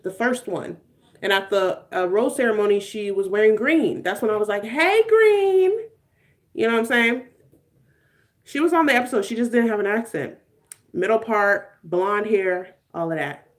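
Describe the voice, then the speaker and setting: At a moderate pace and in a mid-range voice, a woman in her twenties chats with her live stream audience. She's playful, laughs frequently and sprinkles in slangy remarks.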